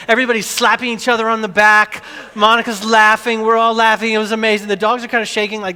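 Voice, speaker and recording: Man, middle-aged, pastor, sermon, animated storytelling, high voice, long hall reverb. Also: a little fast, clean tone. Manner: animated storytelling, acting out screams.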